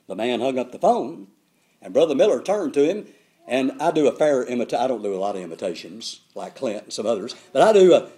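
An older man preaching a sermon, telling stories with emphatic, animated delivery. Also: medium pitch.

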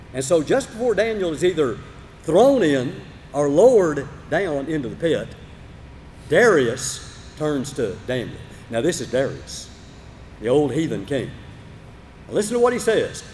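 A man preaching in a large hall, his high voice leaping and dropping as he retells the story. He booms out the big moments and sinks into hushed asides, and the words trail into a long reverb over faint background hiss. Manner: dramatic Bible storytelling, swinging between loud emphasis and low asides. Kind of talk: sermon.

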